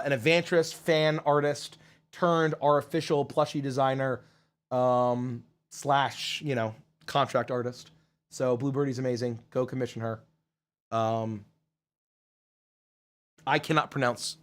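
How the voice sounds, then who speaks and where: A man hosting a casual live stream Q&A, reading out viewer messages with jokes and swearing. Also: medium pitch. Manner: joking and profane, thanking viewers.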